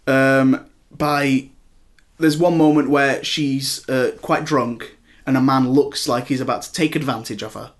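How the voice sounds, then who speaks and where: A young man hosting a podcast, chatting casually and telling an animated story with mimicked outbursts. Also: mid-range voice, measured pace. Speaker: podcast host. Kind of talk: casual chat.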